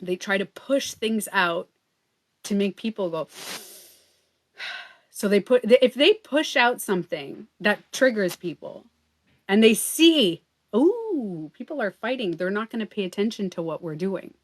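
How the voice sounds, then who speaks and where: Speaking at a normal speed with lively intonation, a woman with a mid-range voice runs a casual livestream. She's a beauty coach, earnest and chatty, and her talk is full of "like" and "you know."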